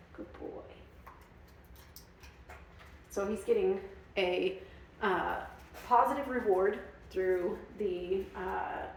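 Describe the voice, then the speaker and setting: A woman's voice: medium pitch, recorded from a distance, a little hiss or hum. A woman dog trainer explaining her methods in a casual, chatty way, with many fillers. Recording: very echoey room, off-mic.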